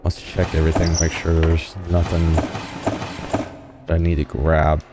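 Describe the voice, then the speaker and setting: A man's voice: a bass voice, completely flat delivery, slow pace, heavy background noise. A man playing a horror game and commenting casually to himself, jumpy and a little nervous, sometimes reading in-game notes aloud. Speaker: gaming channel host.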